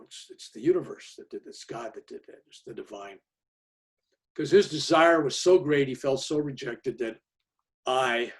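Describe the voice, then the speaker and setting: Older male reverend, slightly high voice, lively anecdote-teller over a video call. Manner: animated storyteller, voice rising and falling with the tale. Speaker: reverend telling a story. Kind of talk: casual storytelling on a video call.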